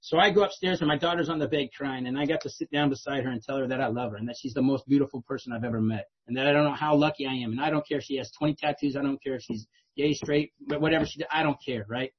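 A middle-aged man telling a personal recovery story in a lively way, often adding "right?" to check in with the room. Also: mid-range voice, fast talker, breathy edge, muffled recording. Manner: animated, repeats "right?" often. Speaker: speaker sharing a recovery story. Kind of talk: storytelling talk.

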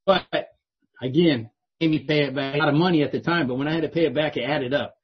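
A man's voice: fairly high pitch, fast talker, husky, faint music behind. A middle-aged man telling his own recovery story to a meeting, streetwise and self-mocking, often tagging his lines with "right?". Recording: dull lo-fi recording.

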